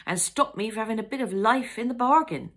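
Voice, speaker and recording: A woman's voice: sits high, very animated, quick pace, slightly rough, voice pushed up, heavily acted. A woman reading a fed-up fisherman's wife. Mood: indignant. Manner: sharp, indignant. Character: harried middle-aged fisherman's wife, fed up.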